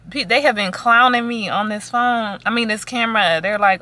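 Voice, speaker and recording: A young woman vlogger talks casually in a rambling update while sitting in a parked car, her voice on the high side, bright and pushed, at a normal speed. She chats loosely, full of fillers and restarts, captured on a camera mic with a foam windscreen.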